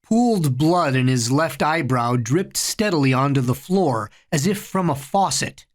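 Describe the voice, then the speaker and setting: A storyteller giving a slow, dramatic reading of horror fiction. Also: medium pitch, expressive.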